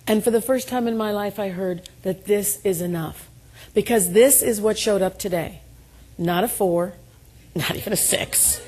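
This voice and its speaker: A woman's voice: medium pitch, normal speed, a little mellow, a little hiss or hum. A middle-aged woman giving a motivational keynote to an audience, telling stories with self-deprecating humor and calling for responses. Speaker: keynote speaker. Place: event room before an audience.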